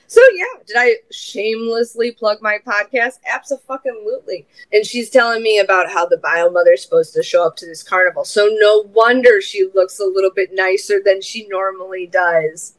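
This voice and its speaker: A woman hosting a podcast, telling a casual story with lots of swearing and acted-out quotes in sudden high voices. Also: a little fast, no room sound. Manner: animated, swearing, acts out quotes with big pitch jumps. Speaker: podcast host.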